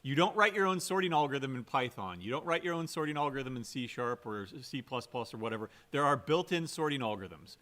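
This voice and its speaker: A man's voice: medium pitch, expressive, fast, hardly any pauses, fairly bright tone. A man giving a recorded programming lecture in a conversational way, often checking in with "right?" and stressing key words. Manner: conversational, keeps asking "right?"; fillers and restarts, emphatic. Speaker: computer science lecturer.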